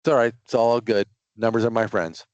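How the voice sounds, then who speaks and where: A middle-aged man leading a casual online training session, talking through number examples in a relaxed way over a video call. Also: fairly low pitch, brisk, no room sound, highs cut off. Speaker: software trainer.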